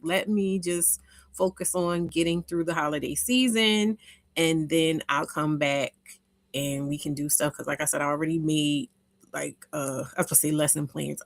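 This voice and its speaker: A woman's voice: lowish voice, fairly bright tone, dry recording, clean studio sound. A woman hosting an informal live chat with listeners, talking in a rambling, heartfelt way full of restarts. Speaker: host of a live audio chat room.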